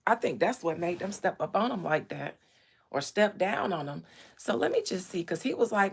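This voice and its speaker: A woman hosting a gossip commentary show, talking in a dramatic, animated, slangy way. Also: fairly low pitch, moderate pace, gravelly, slightly rough. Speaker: host.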